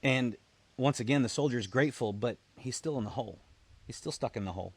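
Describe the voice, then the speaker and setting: A man, a military veteran, telling a personal story in an earnest, halting way, often repeating words as he restarts. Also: mid-range voice, husky. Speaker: military veteran, founder of a veterans' support group.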